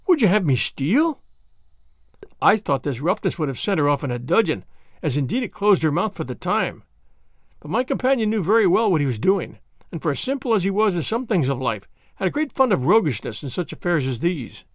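A man reading a classic adventure novel aloud, his fairly high voice lively and wide-ranging in pitch. The storytelling is measured and expressive, recorded close and dry with no room sound. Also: no echo. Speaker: narrator.

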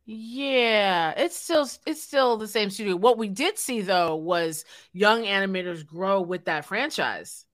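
A woman co-hosting a casual chat, talking in an animated, emphatic way. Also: medium pitch, slow pace, few pauses.

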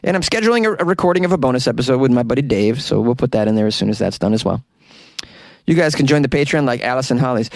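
A man's voice: medium pitch, animated, very fast, no room sound. A man hosting his own podcast, chatting loosely and rambling, often stumbling and laughing at himself. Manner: rambling, loose, self-mocking, breaks into sung impressions. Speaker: podcast host. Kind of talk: casual podcast outro chat. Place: small closet.

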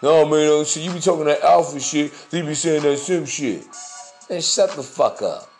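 A man's voice: on the high side, moderate pace, a little mellow, faint music behind. A man hosting a podcast, talking in a blunt, profane, preachy monologue full of slang. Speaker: podcast host. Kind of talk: casual monologue.

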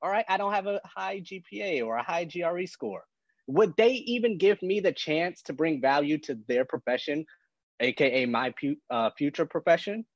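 A man's voice: fairly high pitch, animated, moderate pace, no echo. A man co-hosting a podcast, talking earnestly and encouragingly to listeners. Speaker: podcast co-host, physical therapist. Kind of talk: casual podcast talk. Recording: dry, muffled lo-fi sound.

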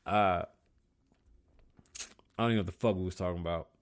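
A man hosting his own podcast, rambling and swearing, mixing English and Spanish, and high. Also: steady tone, brisk. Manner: loose, swearing, switching between English and Spanish. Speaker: podcast host. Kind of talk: rambling profane monologue. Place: studio.

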